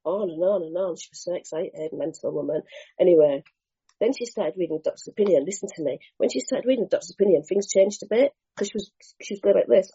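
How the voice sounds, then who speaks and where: A woman sharing her recovery story at a meeting, candid and lively, acting out scenes with slang and the odd swear. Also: lowish voice, quick pace, breathy edge. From Bristol, England. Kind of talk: animated personal storytelling. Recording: dull lo-fi meeting recording.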